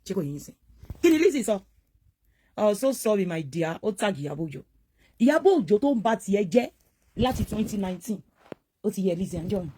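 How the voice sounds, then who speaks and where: A woman's voice: mid-range voice, sing-song, fast, long pauses, warm tone, slightly rough. A woman giving gossip commentary, pointed and questioning, switching between Yoruba and English.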